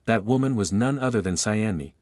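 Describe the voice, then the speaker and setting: A man narrating a comic recap in a flat, steady reading voice. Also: on the low side, fairly quick, dry recording, clean studio sound.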